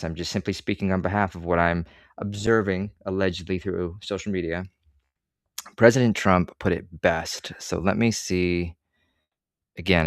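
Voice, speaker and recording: A man's voice: deep voice, creaky, dry recording, clean studio sound. A man ranting to camera as an online commentator, swearing freely and sarcastic, with rambling asides. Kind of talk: profane opinion rant to camera.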